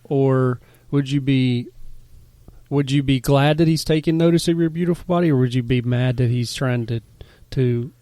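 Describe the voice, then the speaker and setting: A man's voice: mid-range voice, moderate pace, no echo. A male podcast co-host in casual chat, teasing a friend with exaggerated setups. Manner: teasing, exaggerating, rises loud when mocking.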